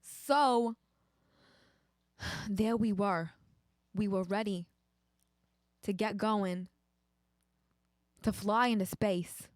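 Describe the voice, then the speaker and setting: A woman's voice: medium pitch, very slow, pauses often, no echo, clean studio sound. A woman doing a Boston-accented astronaut storyteller. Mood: storytelling. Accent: put-on Boston.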